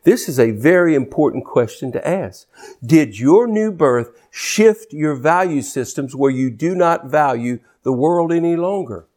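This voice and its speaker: A man's voice: fairly high pitch, expressive, measured pace, darkish tone. A man preaching a sermon, quoting scripture and calling out to his listeners to stay with him. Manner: exhorting, scripture-quoting, calls out to congregation.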